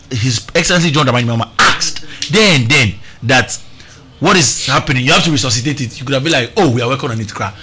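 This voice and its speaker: A man's voice: medium pitch, bright, forceful tone, slight background noise. A man, co-hosting a sports talk show, often restarting his sentences as he explains. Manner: stop-start, restarts sentences, acts out quotes. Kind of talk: radio sports debate.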